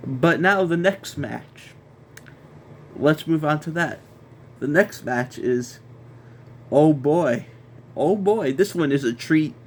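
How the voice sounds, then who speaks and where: A man's voice: a little high, animated, slow, long pauses, slight background noise. A man hosting a casual wrestling review, ranting in an exasperated way, repeating himself and stumbling over restarts.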